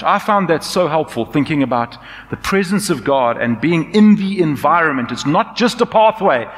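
A man preaching a sermon as pastor, swinging from loud, raised emphasis to soft, quiet intimacy. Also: fairly high pitch, a little hiss or hum. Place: church hall. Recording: long church reverb.

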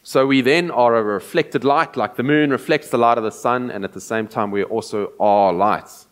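A man's voice: mid-range voice, normal speed. A man preaching a sermon, earnest, repeating key phrases for emphasis.

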